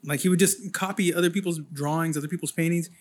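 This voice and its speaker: A man's voice: fairly high pitch, steady tone, fast. A man chatting on a podcast as a guest artist, telling rambling, profane stories. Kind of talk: casual chat.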